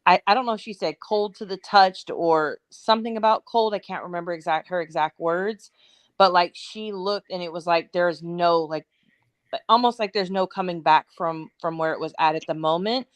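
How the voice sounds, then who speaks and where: Female panelist, slightly low voice, dry sound, talks things through earnestly. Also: normal speed, dry recording. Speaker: panel guest. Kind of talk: casual panel discussion.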